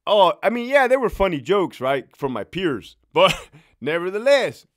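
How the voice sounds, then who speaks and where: A man's voice: high voice, normal speed. A man and former prison officer telling a casual, profane story, laughing as he goes. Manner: animated, profane, laughing as he tells it.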